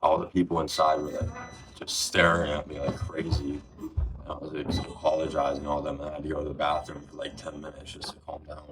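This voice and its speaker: A young man with a slightly hoarse voice, telling an animated story in casual chat and acting out the shouting. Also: rumbling low, brisk, background noise. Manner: animated, acts out shouted quotes. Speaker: drive-thru coffee shop worker telling a story.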